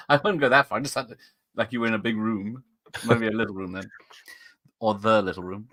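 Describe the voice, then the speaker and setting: A man's voice: fairly low pitch, bright, forceful tone, dry recording. A man chatting casually on a home mic during a movie watch party, joking and laughing a lot. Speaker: podcast co-host. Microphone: home computer mic with speakers on.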